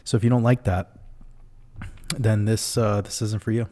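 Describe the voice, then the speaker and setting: A man's voice: on the low side, flat delivery, normal speed, long pauses, dark tone. A man hosting a casual livestream, reading out viewer comments in a loose, profane way and laughing often. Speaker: livestream host.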